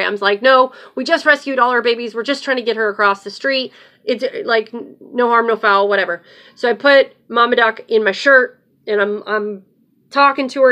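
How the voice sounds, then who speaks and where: A woman in casual storytelling mode with a bright, forceful voice pitched a little above the usual. She talks bluntly and swears freely, keeping the tale loose and animated as the host of her own show.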